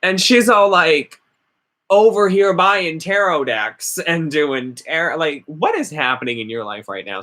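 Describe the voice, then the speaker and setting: A man's voice: a little high, lively intonation, unhurried, bright, forceful tone. A man vlogging casually, rambling and sarcastic as he rants. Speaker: witchcraft vlogger. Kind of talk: casual ranting vlog.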